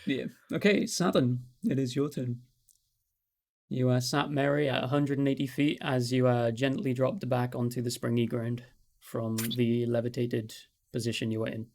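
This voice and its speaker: A man's voice: mid-range voice, steady tone, normal speed, gravelly, darkish tone. A man with a mid-range voice narrates a tabletop game as its game master. He talks loosely and laughs easily. He stops often to correct himself.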